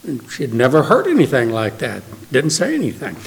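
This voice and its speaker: A man preaching a sermon as pastor, earnest, swinging between emphatic lines and hushed ones. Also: mid-range voice, wildly swooping pitch, a little fast, vocal fry. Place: church sanctuary. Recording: long reverb of a church hall.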